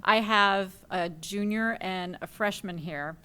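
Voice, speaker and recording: A woman's voice: mid-range voice, slow, sharp tone, smooth. A woman, co-president of a parent association, giving a friendly welcome speech from her notes.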